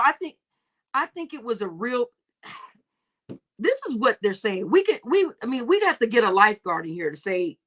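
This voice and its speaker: A young woman hosts her livestream in a bright, slightly high voice. She chats casually and swears freely. She laughs as she reads viewer comments and acts out the people in her stories. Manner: laughing, profane, storytelling with acted quotes. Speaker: livestream host.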